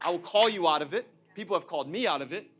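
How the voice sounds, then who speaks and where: High, bright-voiced preaching man. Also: lively intonation, racing, faint music behind. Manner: preaching with bursts of shouted emphasis and joking asides. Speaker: pastor. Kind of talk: sermon.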